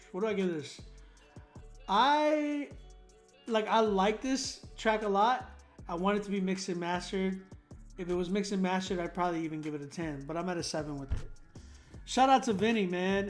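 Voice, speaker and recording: A man with a notably high voice hosts a casual livestream critique of submitted tracks. He talks in a relaxed, filler-heavy way and hums drum rhythms to illustrate. Faint music plays underneath him. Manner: laid-back, many fillers, hums drum patterns to explain. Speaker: host reviewing submitted songs.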